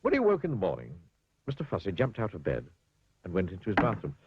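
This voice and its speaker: A man reading a children's storybook aloud in an expressive, playful way, sometimes speaking to the listener. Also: low voice, fast talker, muffled recording, noisy background.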